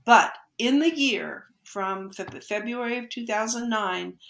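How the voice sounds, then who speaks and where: A woman's voice: on the high side, unhurried, creaky. A woman guest on a podcast, telling a personal story in conversation and acting out the lines of the people in it. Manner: lively storyteller who acts out quoted dialogue. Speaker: podcast guest, energy healer. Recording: echoey room.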